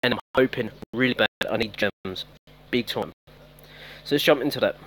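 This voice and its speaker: A man's voice: mid-range voice, moderate pace, fairly bright tone, a little hiss or hum. A man giving casual live-stream commentary on a mobile game, chatting with viewers by name. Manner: chatty, talks to viewers by name, self-teasing.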